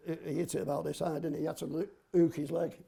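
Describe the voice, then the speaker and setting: Older man, rough gravelly voice, mellow tone, homely rambling storyteller. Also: on the high side, level tone, fast talker. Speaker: podcast guest, grandfather. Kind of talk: casual chat, storytelling.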